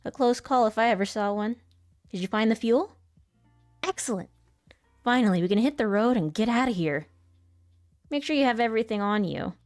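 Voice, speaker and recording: A woman voicing a friendly, energetic female travel companion in a voice acting demo read. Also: a little high, moderate pace, long pauses, dry recording, clean studio sound, soft background music, lightly acted. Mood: upbeat.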